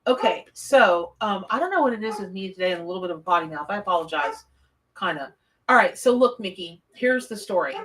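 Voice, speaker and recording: A woman's voice: medium pitch, animated, brisk, a bit bright, far from the mic. A woman, live-streaming a tarot reading from her home office, chatty and effusive as she greets viewers. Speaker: tarot reader on a livestream.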